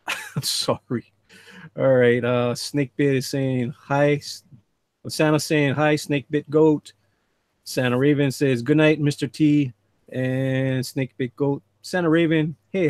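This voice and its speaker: A man's voice: medium pitch, no room sound. Laid-back man chatting on a livestream. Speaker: livestream host and artist. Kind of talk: casual livestream chat, reading chat aloud.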